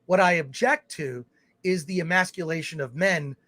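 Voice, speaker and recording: A man's voice: on the high side, normal speed, pushed and bright, dry recording. A man co-hosting a live film talk show, rambling through his points with many restarts and reading viewer comments aloud. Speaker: podcast co-host. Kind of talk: casual chat.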